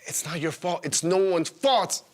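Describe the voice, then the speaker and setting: A man voicing a young woman, his calm and firm ex-girlfriend, speaking gently and plainly. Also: high voice, measured pace, pitched above the performer's own voice. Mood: gentle.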